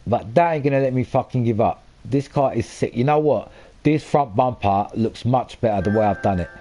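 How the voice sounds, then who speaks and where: Talking casually to his viewers, a young live-streaming gamer swears often and gets worked up in frustration over his play. His mid-range voice is warm and moves at normal speed, with slight background noise.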